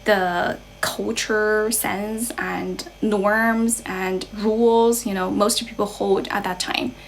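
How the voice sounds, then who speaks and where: A woman's voice: medium pitch, fairly even intonation, slow, creaky, slight background noise, poor audio. A young woman from China with a Chinese accent, chatting casually on a livestream as an English tutor, thanking viewers and patiently explaining with a lot of "right?".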